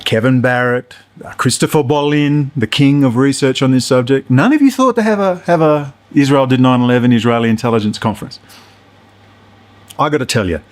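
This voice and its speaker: A middle-aged man, delivering a profane, heated, sarcastic political rant. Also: mid-range voice. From Australia. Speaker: political commentator. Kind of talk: ranting monologue.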